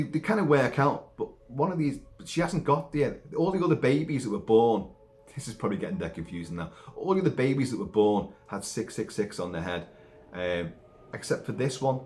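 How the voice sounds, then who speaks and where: A man casually recapping a horror film plot, rambling and animated, with frequent restarts and swearing. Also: mid-range voice, moderate pace. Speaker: film reviewer.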